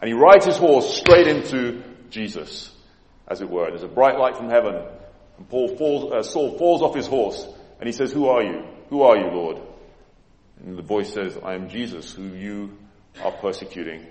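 A low-voiced man delivers a sermon in a large, echoing church hall. He dramatizes his quotes with sudden emphatic surges, and the long reverb trails every phrase. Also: moderate pace. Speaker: preacher.

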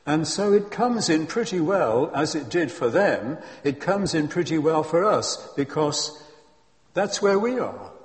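Slow-spoken preacher man in a reverberant hall. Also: a little high. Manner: lively and emphatic, with chuckles and asides. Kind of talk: sermon.

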